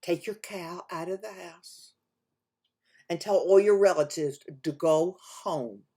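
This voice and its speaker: A woman storyteller playing an old wise man who speaks low, soft and slow, almost in a whisper. He sounds calm and knowing, and the telling is homespun, like a storybook read aloud.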